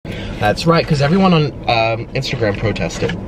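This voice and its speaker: A man's voice: medium pitch, lively intonation, moderate pace. Chatty man vlogging from his car. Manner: chatty, self-mocking, talks to himself. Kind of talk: casual vlog chat while driving and eating. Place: inside a car at a drive-thru. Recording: car and road noise behind.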